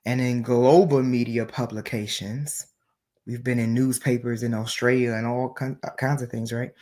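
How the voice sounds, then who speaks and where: Emphatic self-assured woman coach. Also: low voice. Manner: emphatic and self-assured, shifts between loud and soft. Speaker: business coach. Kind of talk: motivational talk.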